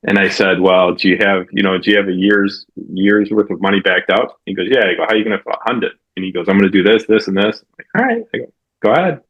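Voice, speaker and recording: A man's voice: low voice, steady tone, highs cut off. A man hosting a business podcast and telling stories casually, acting out the quoted dialogue. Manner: fast storytelling with quoted dialogue. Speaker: podcast host, real estate coach. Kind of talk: casual interview chat.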